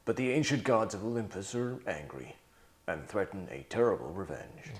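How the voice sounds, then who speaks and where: A man's voice: lowish voice, moderate pace. A man reading a dramatic cartoon opening narration in a grave tone.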